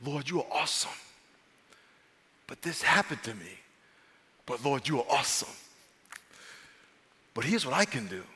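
A man, a pastor, preaching an animated sermon and calling the congregation to repeat phrases back. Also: medium pitch, unhurried, long pauses, breathy edge, big-room sound. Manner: animated preaching with call-and-response.

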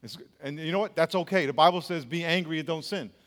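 A man's voice: a little high, fast, fairly bright tone, big-room sound. A man preaching a sermon as pastor, speaking emphatically and quizzing the congregation with questions.

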